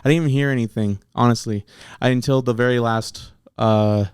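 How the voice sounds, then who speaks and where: Appearing as a guest in a casual interview, a battle rapper tells his story bluntly and swears plenty. His mid-range voice is smooth, clear and darkish, with fairly even intonation and a slightly fast pace. It's recorded close and dry, with no room sound.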